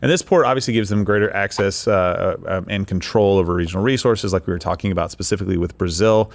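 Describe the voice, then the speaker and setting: A man with a fairly low voice talks through the news as a co-host. His commentary is casual and animated, full of quick asides. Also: vocal fry.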